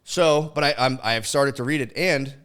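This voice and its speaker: A man in his thirties talks into a studio mic at home, in a loose, rambling solo podcast monologue. His pitch sits in the middle range. He swears often and fills his sentences with filler words. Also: normal speed, a bit bright, clear, resonant tone. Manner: rambling and profane, with frequent fillers. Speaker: podcast host. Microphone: studio microphone.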